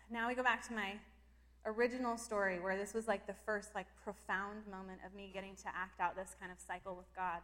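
A woman telling a personal faith story in a casual, emotional way, with lots of filler words. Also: medium pitch. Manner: emotional and animated, lots of "like" fillers, breaks into laughter. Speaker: Christian speaker sharing personal testimony.

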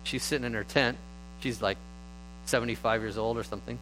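A man preaching in an easygoing, conversational voice of ordinary pitch. He tells the stories casually, picking up energy now and then. A faint electrical hum sits behind him. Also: brisk, poor audio. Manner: conversational, animated storytelling. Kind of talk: sermon.

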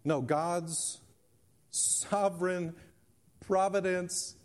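A man's voice: sits high, fairly even intonation, extremely slow. A male pastor preaching a sermon, reading scripture and driving points home with emphatic repetition. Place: church sanctuary.

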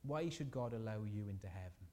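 A man preaches a sermon with a warm, mellow tone. He speaks earnestly and lifts his voice on key lines. The church hall rings with long reverb around him. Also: lowish voice, expressive, brisk. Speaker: pastor.

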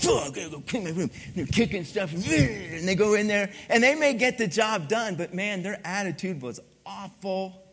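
A middle-aged man preaching a sermon as pastor, telling stories with lively acted-out dialogue. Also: high voice. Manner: animated storytelling, acts out dialogue.

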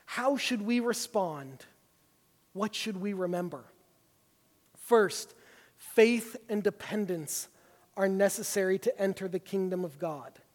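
A pastor with a high voice preaches a sermon at a moderate pace, working through a Bible passage and building toward forceful, emphatic stresses. The recording carries a long hall reverb.

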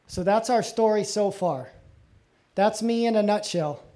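A middle-aged man preaching a sermon as pastor, earnest and confessional, often dropping soft and low on personal moments. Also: measured pace.

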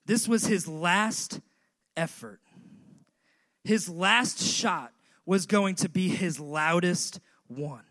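High-voiced, bright-toned male preacher. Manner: rhythmic repetition, building to shouts. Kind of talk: sermon.

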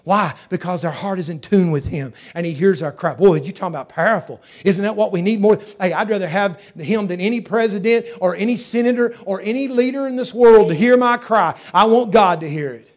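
A man preaching a sermon emphatically, repeating phrases and swinging between loud and soft. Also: sits high, brisk, hardly any pauses.

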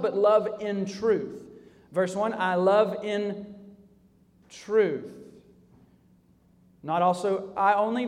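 Man, pastor, sermon, slightly high voice, soft-to-loud preaching swings, church hall reverb. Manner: preaching with sharp swings between soft low passages and loud raised emphasis. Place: church sanctuary.

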